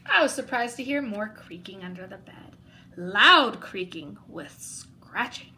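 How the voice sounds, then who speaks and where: A woman reading a children's picture book aloud in an expressive way, narrating as a young boy. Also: medium pitch, a little slow, a little hiss or hum, poor audio. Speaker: storybook reader.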